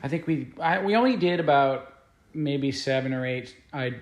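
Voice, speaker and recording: A man's voice: medium pitch, moderate pace. Rambling man, echoey room. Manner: rambling, with many fillers and restarts. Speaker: guest musician. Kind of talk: casual interview storytelling.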